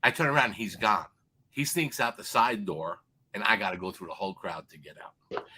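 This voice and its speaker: A man's voice: on the low side, lively intonation, brisk, slightly rough. A man on a sports betting show, telling a long, profane story and acting out the other people in it. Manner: loud, swearing, acts out quoted people.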